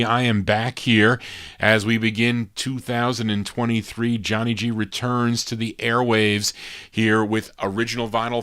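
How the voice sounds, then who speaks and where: A man's voice: on the low side, a bit bright, no echo, studio quality. A middle-aged man hosting a live oldies record show, talking casually in a chatty, self-deprecating way. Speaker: radio DJ host.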